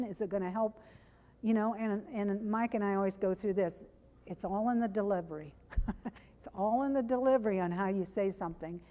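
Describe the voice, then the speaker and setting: This preacher is a woman with a medium-pitched, dark-toned voice, speaking in a church sanctuary with long reverb. Her sermon is plainspoken and conversational, with frequent mid-sentence self-corrections.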